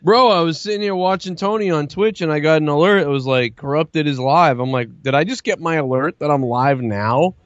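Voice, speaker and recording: A man's voice: on the high side, brisk, hardly any pauses, no echo. Rambling, profane man on a dry, dull mic. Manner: profane, rambling storytelling with lots of quoting. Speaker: streamer. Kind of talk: casual chat.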